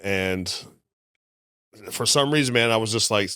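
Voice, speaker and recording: A man's voice: lowish voice, a little slow, pushed and bright, clean tone, no echo. Man, middle-aged, comedian guest, candid profane storytelling, close mic, dry room. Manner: frank, profane, laid-back storyteller. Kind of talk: candid storytelling in casual interview.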